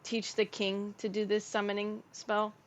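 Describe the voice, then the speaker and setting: A woman speaks in a flat, level voice at a tabletop game. She talks hesitantly, with fillers, as she describes what her character does. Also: mid-range voice, a little slow. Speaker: player. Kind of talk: tabletop role-play.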